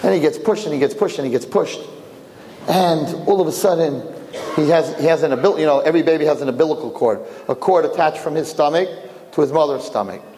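A male rabbi giving a sermon as a lively story, jumping into voices and joking with his listeners. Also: on the high side, fast talker. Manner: animated, acts out voices, jokes with listeners. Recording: long reverb, faint background noise.

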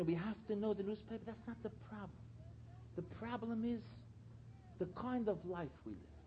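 A man's voice: high voice, slight background noise. A man giving a sermon-style talk at a religious gathering, telling stories and repeating phrases for emphasis. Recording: dull lo-fi recording.

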